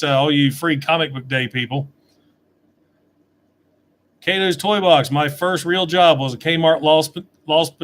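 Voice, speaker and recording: This middle-aged toy reviewer answers live chat from a desk webcam, reading viewer questions aloud in a relaxed livestream. He speaks with a fairly high, somewhat bright voice.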